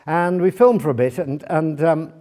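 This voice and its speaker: A man with a somewhat high voice tells travel stories to a live audience at a library event. He talks as an engaged, lively storyteller, often breaking off with "um" and "uh" and restarting his sentences. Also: moderate pace. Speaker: guest speaker, author. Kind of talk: anecdotal talk to a live audience.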